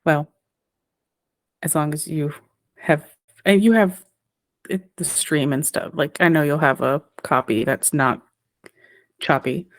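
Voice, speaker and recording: A woman's voice: low-pitched, slow, pauses often, dry recording, studio quality. A woman co-hosting a podcast, chatting casually and analyzing with enthusiasm. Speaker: podcast co-host.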